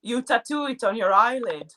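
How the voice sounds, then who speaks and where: Doing her makeup at home, this co-host, born in Latvia with Latvian as her native tongue, keeps a casual chat playful and animated, often laughing at herself. She speaks at a normal speed in a voice on the high side.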